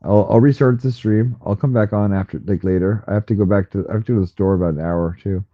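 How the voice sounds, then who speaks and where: A man hosting a casual livestream from home, chatting loosely with his viewers, heard through a slightly muffled headset mic. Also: fast talker. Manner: rambling, chatty, coos at his cat in a high baby voice. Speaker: livestream host. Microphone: headphone mic, a bit muffled.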